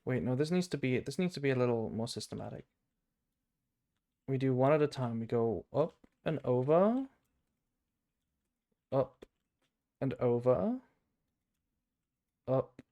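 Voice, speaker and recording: A man's voice: medium pitch, lively intonation, measured pace, long pauses, warm tone. A man with a British accent streaming a game, thinking aloud in rambling casual chat. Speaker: gaming streamer.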